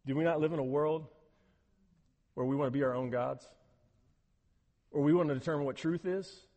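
A man preaching from the pulpit with a fairly high voice that swings between soft and loud. He doubles back on words as he drives each point home. The sound rings out in the long reverb of a big sanctuary. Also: fairly even intonation, normal speed. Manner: emphatic, repeats words while building a point. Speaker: pastor. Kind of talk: sermon.

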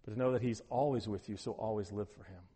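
A man preaching a sermon as pastor, animated, swinging between hushed, soft passages and loud, emphatic ones. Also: lowish voice, fast, slightly rough, big-room sound.

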